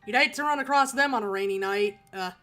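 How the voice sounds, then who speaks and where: Woman streamer who reads game text aloud, chatty and giggly, with a bright, fairly high voice and faint music behind her. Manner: chatty, giggly, halting with fillers. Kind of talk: casual game playthrough, reading text aloud.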